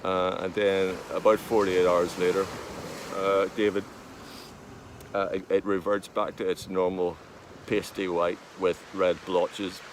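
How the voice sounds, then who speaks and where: An Irish man in a deadpan comic monologue, talking slowly with many drawn-out fillers, recorded outdoors with wind noise behind him. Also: deep voice. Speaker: vlogger.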